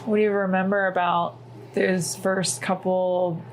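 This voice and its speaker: A woman's voice: fairly low pitch, level tone, unhurried, a little hiss or hum, rough recording. A woman interviewing a guest, mostly giving brief encouraging interjections. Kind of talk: conversational interview.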